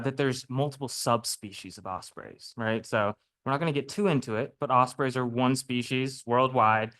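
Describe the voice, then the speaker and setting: Clear-voiced man giving a nature talk. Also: medium pitch. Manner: chatty, lively explainer with frequent "right?" and "okay?". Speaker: naturalist speaker. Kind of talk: public lecture with slides. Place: lecture room before a live audience.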